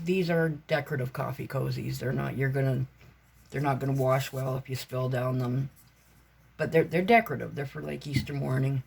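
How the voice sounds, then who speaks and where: A woman's voice: very deep voice, creaky, a little mellow, slightly rough. A woman vlogger chatting casually about her crafts, meandering and chatty with many fillers and self-corrections. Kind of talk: casual rambling vlog chat.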